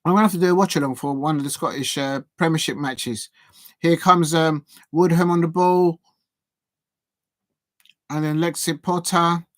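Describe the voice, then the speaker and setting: Fan guy doing live watch-along commentary, gets loud and excited, dry close sound. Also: on the high side, moderate pace, pauses often, no room sound. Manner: excitable, cheers and pleads at the action, chatty asides. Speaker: football fan channel host.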